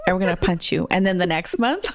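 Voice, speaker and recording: A woman's voice: on the low side, very animated, fast talker, a loud crowd. A woman co-hosting a podcast, chatting casually and making wry, joking asides. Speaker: podcast co-host. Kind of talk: casual chat, storytelling.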